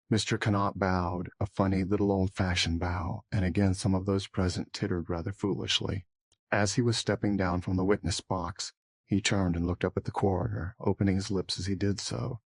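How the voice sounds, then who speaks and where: A man narrating an audiobook in a steady, even manner on a close mic. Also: low-pitched, moderate pace, no echo.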